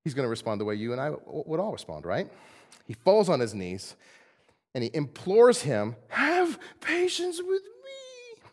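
Animated preacher man in an echoey church. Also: mid-range voice, moderate pace. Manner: animated, playful, acts out quotes in voices. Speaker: pastor. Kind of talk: sermon. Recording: long hall reverb.

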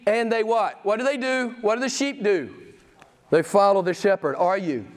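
A male pastor with a notably high voice preaches with emphasis, putting questions straight to his listeners. His tone climbs to sudden excited peaks, then drops back to earnest, direct talk. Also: normal speed. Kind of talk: sermon. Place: church.

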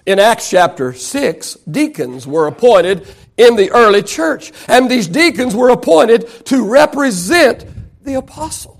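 A man's voice: very high voice, big pitch swings, a little slow, vocal fry. A man preaching a sermon as pastor, building emphasis and asking the congregation rhetorical questions.

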